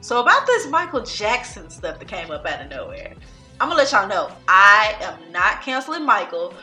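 Young woman, blunt and opinionated, bright tone, echoey room. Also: mid-range voice, sing-song, normal speed, faint music behind. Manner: blunt, opinionated, leads the topics. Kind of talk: casual chat.

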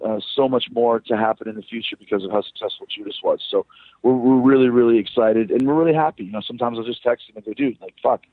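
A man's voice: fairly low pitch, dry recording. A man, a rock band frontman, chatting loosely as a guest in a phone interview, swearing and storytelling. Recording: tinny dry phone line.

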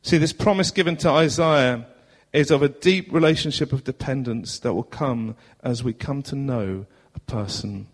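A southern English man preaches as pastor at a moderate pace with hardly any pauses, his voice mid-range and earnest. Rhetorical questions and swings between loud and hushed passages fill the sermon, which carries a long hall reverb.

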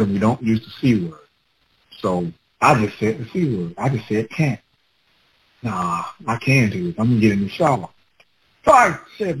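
A man with children telling a personal story in a casual, animated way, acting out his own past words with laughter. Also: on the low side, a little hiss or hum, low-quality recording. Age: adult with children.

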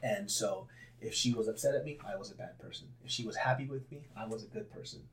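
A young man with a fairly low voice talks through his own past in a relaxed interview. He is candid and swears freely, and he breaks into big bursts of laughter. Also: quick pace, slight background noise. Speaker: podcast guest, comedian. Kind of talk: casual storytelling interview.

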